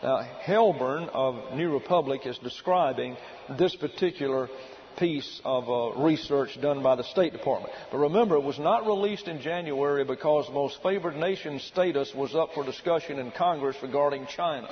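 A male pastor with a slightly high voice delivers a sermon in a deliberate, emphatic teaching manner. The recording is dull and lo-fi, with a faint hiss underneath. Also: big-room sound. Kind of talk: sermon with read-out excerpts.

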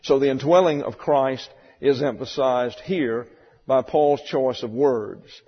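Husky man teaching scripture in echoing hall. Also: mid-range voice, slow. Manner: methodical, spells out Greek words letter by letter. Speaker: Bible teacher. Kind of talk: verse-by-verse Bible teaching sermon. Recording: dull lo-fi recording with long hall reverb.

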